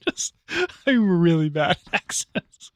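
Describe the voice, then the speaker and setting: A man's voice: fairly high pitch, animated, takes it slowly, dry recording. A man hosting a podcast, chatting in a rambling, self-mocking way with frequent laughs. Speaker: podcast host. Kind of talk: casual chat.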